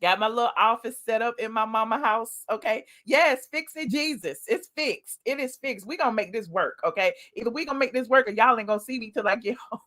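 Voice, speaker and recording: A woman hosting a casual livestream from a home office, slightly hoarse, chatting straight to her viewers. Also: a little high, fairly quick, pushed and bright. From Atlanta. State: a little hoarse. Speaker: livestream gossip host. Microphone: USB desk mic.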